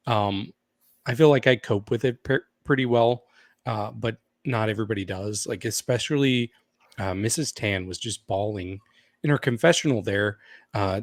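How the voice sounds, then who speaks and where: A man's voice: lowish voice, no echo. A man in casual podcast chat who talks in an easygoing, candid way, with plenty of fillers.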